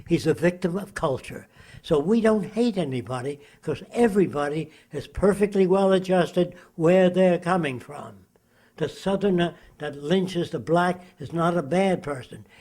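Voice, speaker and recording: A man's voice: on the high side, moderate pace, a little mellow. Emphatic elderly man lecturing. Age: 90s. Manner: emphatic, preachy, fond of rhetorical questions. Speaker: interviewee. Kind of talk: lecturing interview answers.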